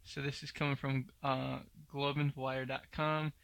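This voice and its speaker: A man's voice: mid-range voice, little pitch movement, a little slow, vocal fry, a bit bright, no room sound. A man hosting a tech news podcast, giving blunt, opinionated commentary with many fillers. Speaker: podcast host.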